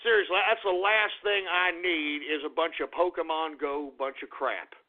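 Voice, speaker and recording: A man's voice: fairly high pitch, moderate pace. A man hosting a radio call-in show, swearing and venting his exasperation between callers. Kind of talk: profane call-in radio rant. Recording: tinny phone-like line.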